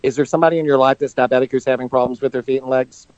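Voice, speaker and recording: Talking very fast in a steady, slightly mellow medium-pitched voice, a psychic medium shares personal stories over the phone. There's no room sound, just a dull lo-fi line, and he comes across earnest and open about emotion.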